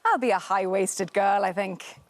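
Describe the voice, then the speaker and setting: A woman's voice: mid-range voice, a little slow, dry recording. Woman, 30s, bubbly talk-show guest, giggly with loose fillers. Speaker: actress guest. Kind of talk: casual chat interview. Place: television studio.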